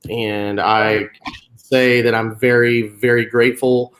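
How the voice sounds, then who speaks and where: A man in his late thirties from North Carolina talks casually as a guest musician on a video call. He is friendly and quick to laugh, and his speech is full of fillers. His voice sits at an ordinary middle pitch for a man. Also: flat delivery, a bit bright, slight background noise, rough recording. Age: 30s. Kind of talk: casual interview chat.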